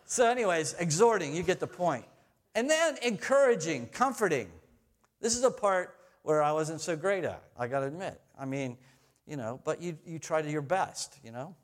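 A middle-aged man preaching a sermon, telling family stories in a conversational way, rising to loud exhortation and falling to soft, tender asides. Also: fairly high pitch, animated, moderate pace. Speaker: pastor.

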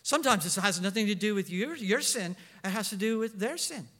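A middle-aged man preaching a sermon as pastor, animated and storytelling, with frequent restarts. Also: high voice, a little fast. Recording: long hall reverb.

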